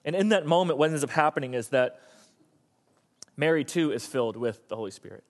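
A man pastor giving a casual, animated sermon, talking to his audience and asking them questions. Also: fairly high pitch, fairly quick.

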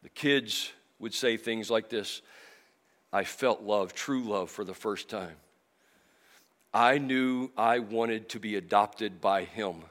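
Middle-aged guy preaching in church, lowish voice, gets loud then goes real soft and slow. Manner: emotional, varies from loud emphasis to soft and slow. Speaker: pastor. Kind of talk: sermon.

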